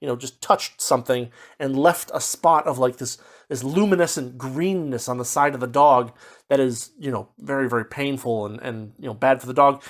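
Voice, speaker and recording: A man talks through a book review in a loose, unscripted way, circling back with fillers and restarts as he sums things up. His voice sits at an ordinary middle pitch, and he drops into brief mock voices when he paraphrases the characters. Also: normal speed. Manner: rambling, many fillers and restarts. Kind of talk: casual spoken book review.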